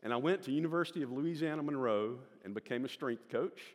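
An older man with a Southern American accent shares his personal testimony in a church, speaking at an ordinary middle pitch. He tells his stories in a folksy way and acts out the voices of the people in them. His voice carries the long reverb of a large sanctuary. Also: quick pace. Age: 60s.

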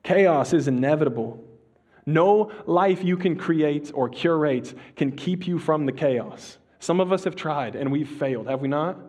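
Speaking with a fairly high pitch, a male pastor preaches in an easygoing, talky style full of slang and false starts. On the important phrases he slows down and goes quiet.

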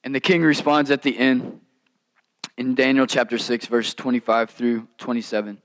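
A man preaching a sermon in a conversational, animated way, with casual asides. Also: mid-range voice, moderate pace, rough recording. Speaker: pastor.

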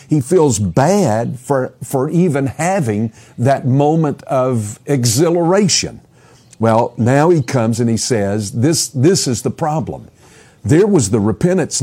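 Slow, mellow-voiced male preacher. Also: mid-range voice, slightly rough. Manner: earnest, asks the listeners questions, stumbles and repeats words. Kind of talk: expository sermon.

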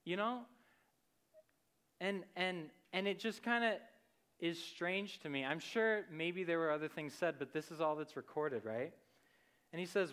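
A man's voice: on the high side, unhurried, long pauses, fairly bright tone, smooth. A young man giving a casual, conversational sermon, full of fillers and "like".

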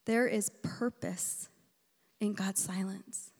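Woman preaching in a hall with gravelly edges. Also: medium pitch, steady tone, slow. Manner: emotional, shifting between loud emphasis and hushed near-whispers. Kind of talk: sermon with personal story. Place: church sanctuary. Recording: echoey hall reverb.

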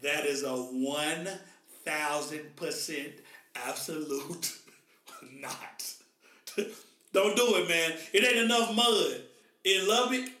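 Male podcast host from the Midwest, high and bright, animated and slangy, echoey distant room. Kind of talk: casual podcast chat. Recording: echoey room, mic far off.

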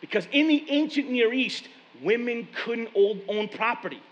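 A male pastor preaching a sermon, retelling scripture stories in lively casual speech. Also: very high-pitched, normal speed, highs cut off. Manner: animated storytelling, paraphrasing scripture in casual speech. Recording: long reverb of a large hall.

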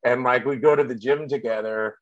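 A man's voice: mid-range voice, steady tone, brisk, dry recording, lo-fi sound. A male comedian telling a story in casual chat, rambling and profane with many fillers.

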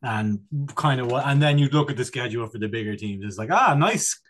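A man's voice: mid-range voice, quick pace, a crowd in the background. A man from Ireland, a podcast co-host chatting casually, rambling and joking with lots of fillers and restarts. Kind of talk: casual chat.

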